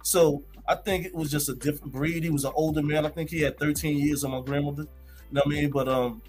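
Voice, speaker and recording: A man's voice: on the high side, steady tone, fast talker, darkish tone, faint music behind. Laid-back storytelling man. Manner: laid-back storytelling, laughs often, checks in with listeners. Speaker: discussion panelist. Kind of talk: casual group discussion.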